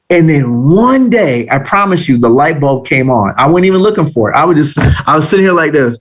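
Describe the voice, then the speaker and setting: Animated man teaching trading. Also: fairly high pitch, brisk, hardly any pauses, husky. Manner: animated storytelling, slangy. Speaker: trading instructor. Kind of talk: live online trading lesson.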